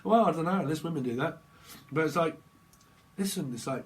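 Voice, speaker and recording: A man reads tarot for his channel in a loose, rambling way, full of jokes and tangents. His speaking voice sits a little on the higher side. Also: a little fast, pauses often. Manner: jokey and rambling, slips into silly voices and snatches of song. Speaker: tarot reader. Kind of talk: rambling tarot reading vlog.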